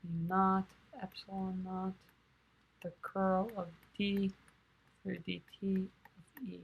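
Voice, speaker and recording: A tired young woman quietly working through a physics derivation, thinking aloud in a soft, low-key way with many fillers. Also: level tone, takes it slowly, creaky, breathy edge. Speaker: physics tutor.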